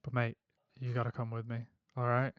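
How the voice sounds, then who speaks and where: A man voicing a menacing male debt-collector warlock with an Australian accent, who makes calm threats and keeps saying mate. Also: medium pitch, fairly quick, no echo, muffled recording, natural voice.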